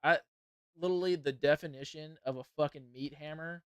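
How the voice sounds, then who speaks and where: A young man hosting a casual podcast, his voice sitting a little high and coming across clean and smooth. He swears freely and laughs his way through a wild story. The sound is dry, with no room in it. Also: a little fast, no room sound. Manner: profane, laughing, excited storyteller. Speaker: podcast host. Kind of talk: casual storytelling and fight commentary.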